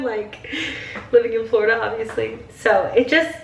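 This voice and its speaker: A woman's voice: a little high, little pitch movement, normal speed, creaky. A young woman from Ohio in her twenties chatting casually while getting ready, emotional and full of "like.". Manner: chatty, emotional, tearful at times, heavy use of "like". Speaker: vlogger. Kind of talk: casual get-ready-with-me chat. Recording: roomy, slightly distant home audio with faint ambience.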